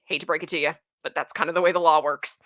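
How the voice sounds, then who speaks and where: A woman with a low-pitched voice talks fast as she casually reads stories and quotes aloud. Her commentary is animated, full of outbursts of disbelief and laughter.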